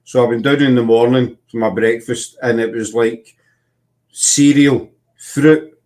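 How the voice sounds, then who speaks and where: A man's voice: mid-range voice, steady tone, measured pace, darkish tone. A man with a Scottish accent, hosting a casual chat and telling rambling anecdotes.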